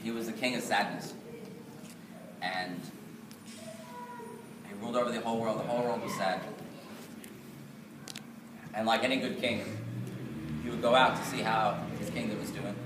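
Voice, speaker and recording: A male storyteller telling a folk tale aloud at a live synagogue gathering, lively and rhythmic with repeated phrases. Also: fairly low pitch, moderate pace, long pauses. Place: synagogue event. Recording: echoey hall from far off, noisy.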